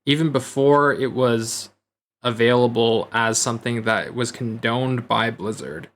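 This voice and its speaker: A man calmly explaining his view on game design in a casual discussion. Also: mid-range voice, unhurried. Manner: calm, reasoned explanations.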